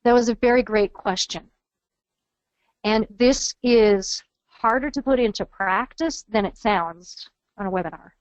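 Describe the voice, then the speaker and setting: A woman's voice: on the high side, measured pace, no room sound. Woman coaching over dull webinar audio. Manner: earnest, coaching, models phrases aloud. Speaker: trainer. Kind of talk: webinar training lecture.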